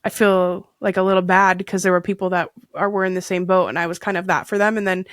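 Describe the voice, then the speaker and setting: A woman's voice: on the low side, flat delivery, quick pace, dry recording. Chatty woman talking openly, dry sound. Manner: open, chatty, lots of fillers and restarts. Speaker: podcast guest. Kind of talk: candid casual chat.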